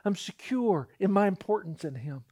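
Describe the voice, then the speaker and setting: A man's voice: high-pitched, animated, normal speed, dark tone. A man preaching a sermon, telling a personal story and acting out the voices in it, often repeating words as he starts a thought. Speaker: pastor.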